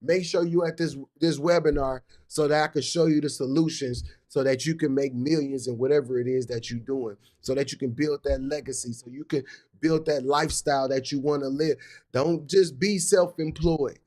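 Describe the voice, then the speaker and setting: A man's voice: on the high side, steady tone, moderate pace, darkish tone. A man hosting a live business stream, talking in a hyped, repetitive way with casual slang. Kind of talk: motivational live talk.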